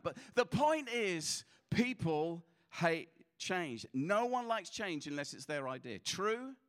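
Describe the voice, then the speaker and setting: High-voiced man preaching. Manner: conversational, animated storytelling with repeated restarts. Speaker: pastor. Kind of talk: sermon.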